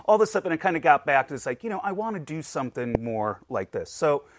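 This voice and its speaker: A man who directs a museum's collections, giving relaxed, friendly interview answers that ramble a little with fillers. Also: a little high, fast, slight background noise.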